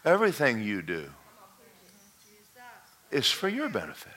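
Animated preacher man, bright and lively. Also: medium pitch, measured pace, long pauses. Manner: animated, swings from loud to whispered asides. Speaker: pastor. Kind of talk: sermon with storytelling.

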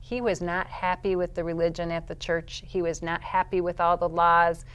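A woman being interviewed, telling a personal faith testimony as a vivid storyteller. She drops to quiet, low narration and rises to loud, high-pitched bursts. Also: little pitch movement, moderate pace, clean tone. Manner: vivid storyteller who acts out her own past outbursts. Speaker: interview guest.

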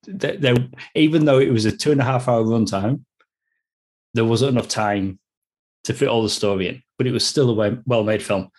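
Husky-voiced Australian man, opinionated. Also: mid-range voice, moderate pace, darkish tone. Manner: opinionated, emphatic. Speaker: podcast co-host. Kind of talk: casual film review chat.

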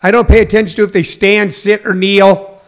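Middle-aged male host, high gravelly voice, digressive folksy monologue. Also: level tone, moderate pace. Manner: chatty, digressive, folksy asides. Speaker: talk show host. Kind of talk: rambling monologue.

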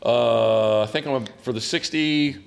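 A man's voice: mid-range voice, unhurried, creaky, smooth. A man hosting a podcast in loose, rambling casual chat, often restarting his sentences. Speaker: podcast host and hunting guide.

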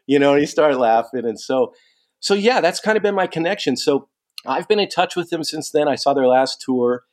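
A man telling a long story in casual chat, animated and quoting people as he goes. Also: a little high, normal speed. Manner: animated, quotes people in lively asides.

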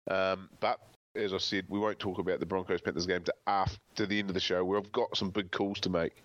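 A man's voice: low-pitched, flat delivery, fairly quick, fairly bright tone, lo-fi sound. An Australian man co-hosting a sports podcast, blunt and sarcastic, swearing freely. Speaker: podcast co-host. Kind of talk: casual sports chat.

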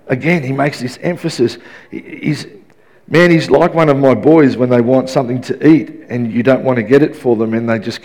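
A man's voice: mid-range voice, a little mellow. A man in his fifties preaching a sermon in an emphatic, repetitive way, often restarting his sentences.

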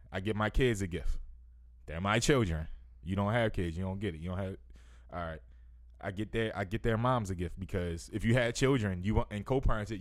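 A man ranting animatedly in casual podcast chat, self-interrupting and saying "yo" constantly. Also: lowish voice.

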